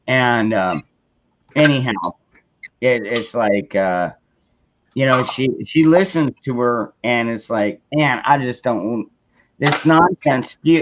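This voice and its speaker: A man's voice: mid-range voice, a bit bright. Middle-aged guy hosting a stream, rambles and restarts a lot, muffled lo-fi sound. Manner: rambling, frequent restarts and fillers. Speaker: livestream host. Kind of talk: casual political chat. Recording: dull lo-fi sound.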